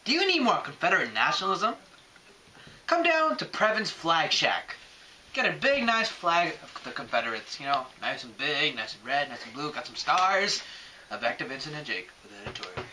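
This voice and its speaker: A man hawks a fake product like a pushy pitchman. His voice is high and swings up and down a lot. A loud hiss runs under the recording. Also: moderate pace, rough recording. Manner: salesy pitchman, lively and pushy. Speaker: mock ad announcer. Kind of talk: parody commercial.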